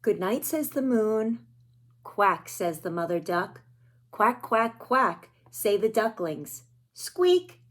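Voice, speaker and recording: A woman reading a picture book aloud to young children, gentle and pointing out the pictures as she goes. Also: mid-range voice. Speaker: children's storyteller.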